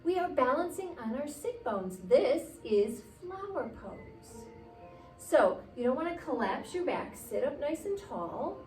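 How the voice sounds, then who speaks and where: A woman guiding children through a yoga class, gently encouraging and playful, sometimes making animal noises. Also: high voice, big pitch swings, measured pace, recorded from a distance. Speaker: kids' yoga teacher. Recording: roomy sound from away from the mic with soft music.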